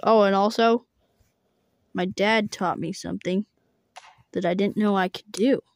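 A woman telling a playful homemade role-play story, voicing every character herself, switching between excited yelps and flat, deadpan asides. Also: mid-range voice, a little slow.

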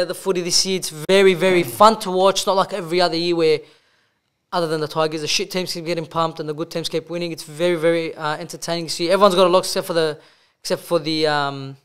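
A man hosting a podcast, chatting casually about sport, excitable and swearing freely as he re-enacts plays. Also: a little high, fast talker. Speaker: podcast host.

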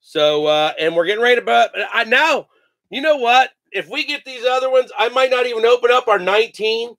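High gravelly joking man opening cards. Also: brisk, fairly bright tone, no echo. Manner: joking, laughing, rattling off player names. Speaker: card break host. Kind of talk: casual live card-opening chat.

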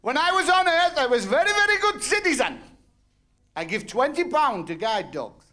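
A man doing a high, pleading petitioner at heaven's gate. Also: very animated, moderate pace, pushed and bright, heavily acted.

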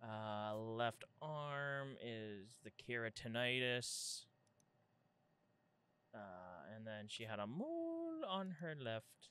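Brief: young woman gamer, low voice, lively and jumpy, swears a lot, unhurried commentary. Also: clean tone. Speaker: gaming streamer. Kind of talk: casual horror game commentary.

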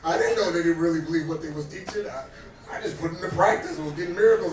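A man in his fifties preaching a sermon as pastor, swinging between soft asides and shouted exhortations that call out to the congregation. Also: on the high side, racing, crowd noise. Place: restaurant dining room. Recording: roomy echo, distant mic, faint music.

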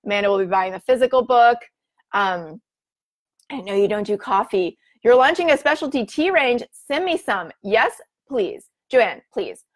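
A woman's voice: a little high, expressive, moderate pace. A woman in her thirties hosting a casual livestream, chatting eagerly and reading out viewer comments with lots of fillers. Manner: bubbly, chatty, filler-heavy. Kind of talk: casual live-stream chat.

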